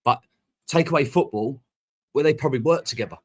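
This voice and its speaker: A man hosts a live stream, drifting from one thought to the next in loose, sweary football banter. His voice sits at an ordinary middle pitch for a man. He talks to his viewers in a casual, unscripted way. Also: a little fast, slightly rough.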